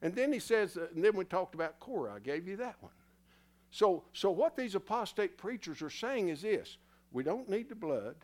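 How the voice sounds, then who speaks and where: A man's voice: sits high, very animated, normal speed, a little mellow. A man preaching a sermon in a church in a folksy, teasing way, somewhat out of breath. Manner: folksy, teasing the congregation, spells words letter by letter.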